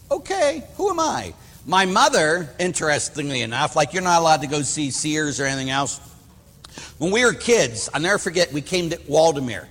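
A man's voice: a little high, very animated, brisk, fairly bright tone. A Catholic priest from the Pittsburgh area giving a rambling, story-filled sermon, acting out the voices of the people in his stories. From Pittsburgh area, USA. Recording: long hall reverb.

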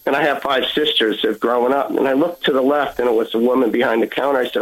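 A man's voice: mid-range voice, steady tone, fast talker, poor audio. A man giving an earnest personal testimony as a guest, acting out the dialogue as he tells it.

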